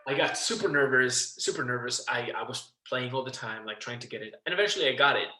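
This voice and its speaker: Guy animated storyteller on a podcast, bright tense voice, roomy echo, swears a lot. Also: mid-range voice, fast. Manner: animated storyteller, acts out quotes, swears and laughs. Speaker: guest, musical theatre actor. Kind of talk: casual interview chat.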